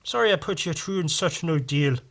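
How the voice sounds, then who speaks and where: A man's voice: fairly high pitch, brisk, gravelly, a bit bright, pitched above the performer's own voice. A man putting on a hammy stage-Irish hero. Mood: apologetic. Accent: attempted stage Irish. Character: apologetic young Irish hero of a comic.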